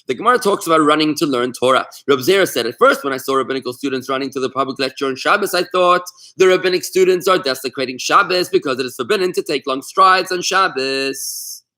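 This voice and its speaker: A middle-aged man, a rabbi, leading a casual online Talmud class, telling stories with lively asides and frequent restarts. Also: on the high side, fast talker. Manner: animated storyteller, warm asides, many restarts.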